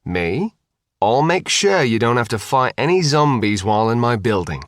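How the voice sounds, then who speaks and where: A man's voice: medium pitch, big pitch swings, moderate pace, no echo, studio quality, close to an everyday voice. A man voicing a long-suffering uncle in an audiobook. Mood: weary. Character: older man, weary, patient uncle.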